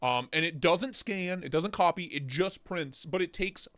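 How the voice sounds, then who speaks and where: Man, 30s, livestream host, rambling casual chat, joking, higher pitch, dry sound. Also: moderate pace, a bit bright, dry recording. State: sore neck and back.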